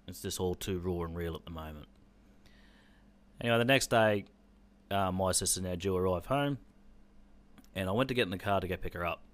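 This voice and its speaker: Man, very deep voice, candid storytelling, swears and acts out quotes. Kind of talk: casual personal storytelling.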